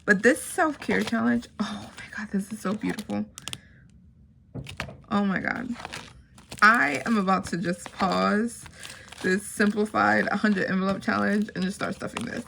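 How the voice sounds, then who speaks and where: A woman's voice: mid-range voice, unhurried, creaky. Gushing woman unboxing with crinkling noise. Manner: gushing, excitable, lots of "oh my God" and "like". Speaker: unboxing vlogger. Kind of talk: casual unboxing chat.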